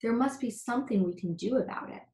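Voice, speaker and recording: A woman's voice: a little high, fast, warm tone, voice pushed up, lightly acted. A woman voicing a grand, gloomy king who gives royal commands in a storybook reading. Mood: glum. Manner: commanding, then mournful. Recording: echoey room.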